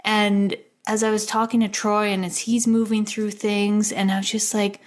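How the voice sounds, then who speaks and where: A woman co-hosting a podcast, telling a personal story in a rambling, chatty way, full of "like" and quick laughs. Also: medium pitch, flat delivery. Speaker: podcast co-host. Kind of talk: casual storytelling chat.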